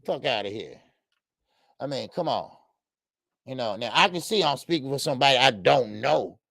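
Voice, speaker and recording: Gravelly, dry-miked male livestream host; blunt, heated, profane delivery. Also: medium pitch, expressive, normal speed, fairly bright tone, no echo.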